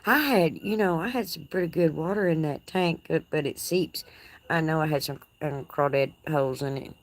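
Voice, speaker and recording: A woman's voice: deep voice, normal speed. A woman with a Texas accent hosting a casual live chat from her porch, reading viewer comments in a folksy, teasing way and laughing often. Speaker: livestream host. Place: outdoor porch. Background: crickets.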